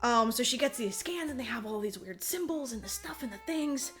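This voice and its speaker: A podcast co-host casually retells a story in an animated way, packing it with fillers and acting out quotes. Her voice is on the high side and brisk, with soft music playing in the background.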